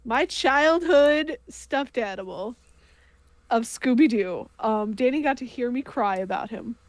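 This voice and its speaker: A woman's voice: a little high, lively intonation, measured pace, no room sound. A woman chatting casually on a livestream, emotional and rambling with lots of fillers. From United States. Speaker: co-host.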